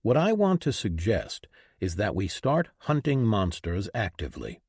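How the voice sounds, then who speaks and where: A man's voice: fairly low pitch, wildly swooping pitch, moderate pace, a little mellow, husky, no room sound, studio quality, full character voice. A man reading an audiobook, voicing a practical young man who reasons firmly. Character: level-headed young man, firm and practical.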